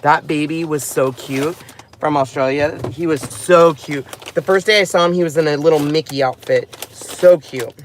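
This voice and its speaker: A man's voice: a little high, normal speed, slight background noise. A man in his thirties hosting a casual live stream about his craft channel, chatty and rambling, often laughing as he talks.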